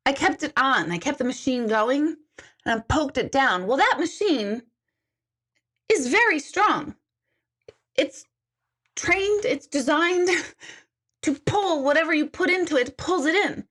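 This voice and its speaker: A woman's voice: high voice, animated, measured pace, long pauses, fairly bright tone. Chatty woman hosting a live stream. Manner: chatty storytelling, laughs often, reads viewer comments aloud. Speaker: intuitive hosting a live chat. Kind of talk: casual live-stream chat with viewers.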